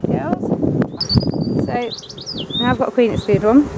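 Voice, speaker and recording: Out at the beehives in gusty weather, a woman talks quickly in a slightly high voice while tending a hive. Her running commentary is casual and blunt, and she coaxes the bees along as she works. Wind roars and bees buzz loudly behind her.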